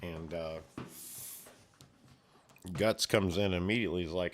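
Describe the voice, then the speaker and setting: A man's voice: deep voice, steady tone, unhurried, long pauses. A man casually retelling a violent comic story, swearing freely and filling it with sound effects. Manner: profane, full of sound effects.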